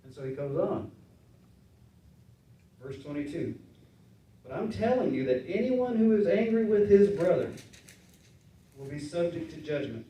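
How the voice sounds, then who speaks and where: Man preaching, mellow tone, a bit high, mic at a distance in an echoey church. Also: very animated, a little slow, pauses often. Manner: conversational preaching, acting out voices of listeners. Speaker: pastor. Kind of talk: sermon. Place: church sanctuary. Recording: roomy church sound from a distance.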